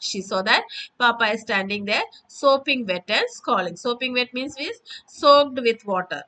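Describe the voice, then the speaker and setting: A woman's voice: a little high, lively intonation, moderate pace, sharp tone, low-quality recording. A woman explaining a school reading lesson, breaking each line into simple meanings and repeating them. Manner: explains word by word, repeating with "that means". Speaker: English teacher.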